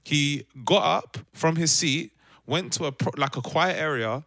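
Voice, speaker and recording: A man, a podcast co-host telling a lively story in casual chat and acting out other people's voices. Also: on the high side, unhurried, no echo, studio quality. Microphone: remote call from home.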